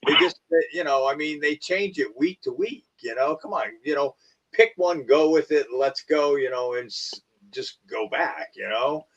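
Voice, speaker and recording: A retired wrestler talking shop in a casual, rambling way, full of fillers and restarts. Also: male voice, on the high side, normal speed, a bit bright, far from the mic, muffled recording.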